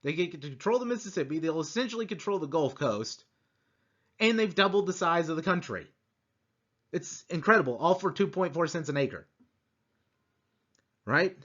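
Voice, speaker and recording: Brief: lively male history teacher, somewhat high voice, slightly muffled recording. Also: normal speed, long pauses. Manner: animated, acts out quotes, rhetorical asides. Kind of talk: conversational history lecture.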